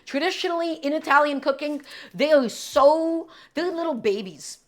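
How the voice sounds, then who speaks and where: A woman with a slightly high voice hosts a live cooking stream in a loose, chatty way. She talks straight to her viewers and repeats each step as she works. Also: expressive, normal speed.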